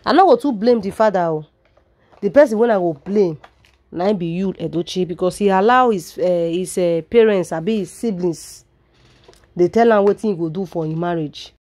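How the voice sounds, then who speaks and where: A woman's voice: on the low side, a little mellow. A woman with a Nigerian accent giving dramatic celebrity gossip commentary and calling out to her viewers. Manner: dramatic, addresses viewers directly, drawn-out sighs.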